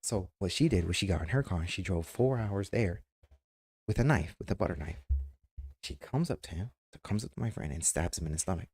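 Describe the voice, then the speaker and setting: A man's voice: sits low, animated, brisk, darkish tone, husky. A man streamer giving casual, emphatic advice, repeating himself and acting out quoted remarks. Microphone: webcam mic.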